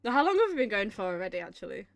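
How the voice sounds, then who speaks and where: A woman's voice: medium pitch, very animated, rapid-fire, dry recording, faint music behind. A woman streaming a video game, chatting casually and rambling between laughs. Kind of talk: casual gameplay commentary.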